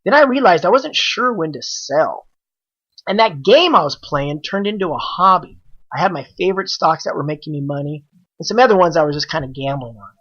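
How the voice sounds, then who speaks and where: Animated man telling a story, lo-fi. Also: on the high side, fairly quick, husky. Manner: animated, acts out quoted dialogue. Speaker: podcast guest, trader. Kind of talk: casual storytelling.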